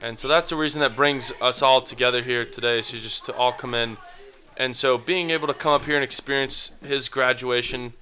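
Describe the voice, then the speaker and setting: A young man with a bright, forceful tone co-hosts a relaxed conversation. He drops dry, teasing remarks between longer explanations. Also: mid-range voice, a little fast. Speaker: podcast co-host. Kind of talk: casual chat.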